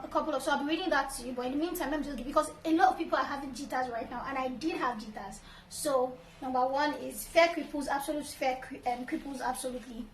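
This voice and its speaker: A woman's voice: high-pitched, echoey room, far from the mic, slight background noise, low-quality recording. A young woman with a Nigerian accent giving upbeat, numbered advice tips in a casual vlog. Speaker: vlogger, law graduate.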